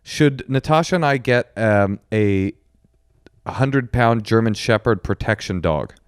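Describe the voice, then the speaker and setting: A man's voice: lowish voice, lively intonation, measured pace, clean tone, dry recording, studio quality. A man co-hosting a comedy podcast in casual chat, joking, laughing often and mocking himself. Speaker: podcast co-host.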